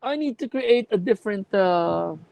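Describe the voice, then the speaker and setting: A woman's voice: medium pitch, lively intonation, moderate pace, vocal fry, dark tone, no room sound, poor audio. A woman lecturing a class on contact lenses, explaining with examples and checking that students follow.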